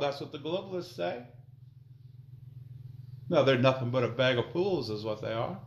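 A man preaching a sermon, slowing down to read scripture aloud and swinging from quiet low asides to loud emphatic declarations. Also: animated, muffled recording. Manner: reads scripture slowly and deliberately.

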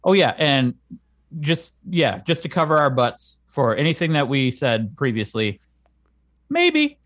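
A man co-hosting a comedy podcast, answering his partner with dry, deadpan objections. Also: mid-range voice, no room sound. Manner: deadpan, wry, quick to object. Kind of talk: casual comedic banter.

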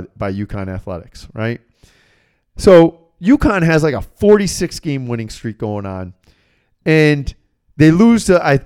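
Profane, animated middle-aged male podcast host. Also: medium pitch, smooth. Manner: profane, animated, self-deprecating. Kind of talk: casual storytelling.

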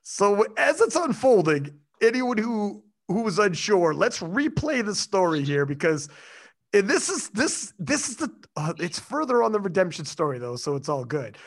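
A man's voice: high-pitched, big pitch swings, normal speed. A man hosting a casual interview, walking his guest through her story with playful asides and frequent laughs. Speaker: podcast host.

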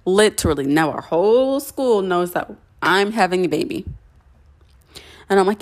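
A young woman talks straight to her listeners, recounting her own story. Her voice sits a little low for a woman. She rambles warmly, full of fillers and false starts. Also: animated, moderate pace. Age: young adult. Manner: chatty, many fillers and restarts. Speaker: podcast host.

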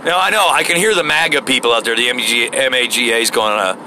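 A man telling an animated, profane story in a casual rant, rambling with many restarts, from inside a car. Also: mid-range voice, fairly quick, slight background noise. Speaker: vlogger.

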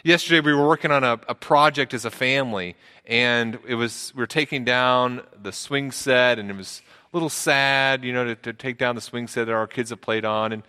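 A man preaching a sermon, his voice bright and forceful with a middle pitch. He talks earnestly, repeating words and climbing higher to stress a point. The sound rings with the long reverb of a big church hall. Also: moderate pace, hardly any pauses, clean tone. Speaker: pastor.

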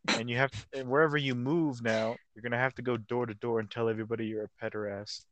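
A man's voice: medium pitch, fairly even intonation, fast talker, fairly bright tone, slight background noise. A young man co-hosting a casual podcast chat, rambling in slang, stumbling over words and acting out quotes. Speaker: podcast co-host.

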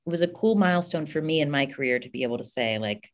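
A woman's voice: low voice, expressive, quick pace. A woman from West Virginia with a faint West Virginia accent, chatting casually as a podcast guest, with many "like" and "um" fillers. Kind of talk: casual interview chat.

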